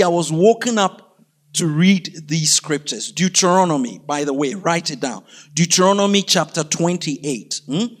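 A man preaching a sermon, reading scripture slowly and with emphasis and calling on the congregation to repeat after him. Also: high voice.

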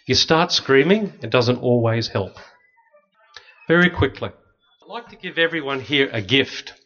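A middle-aged man, a priest, telling lively stories with dry humor to an audience. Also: mid-range voice, unhurried. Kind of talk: storytelling talk to an audience. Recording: slightly dull lo-fi recording.

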